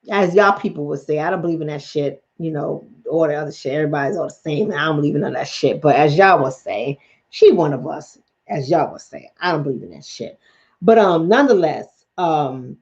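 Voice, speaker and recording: Blunt, profane New York woman. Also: fairly low pitch. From the Bronx, New York City. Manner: blunt, profane, animated storytelling. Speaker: relationship coach and host. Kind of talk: late-night livestream chat. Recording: dull lo-fi sound.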